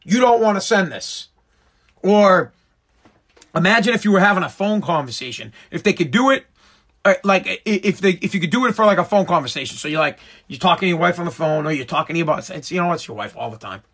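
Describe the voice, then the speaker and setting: A man with a radio background, talking in an animated, emphatic rant and swearing freely. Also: sits high, quick pace. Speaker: radio personality. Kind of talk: casual profane rant.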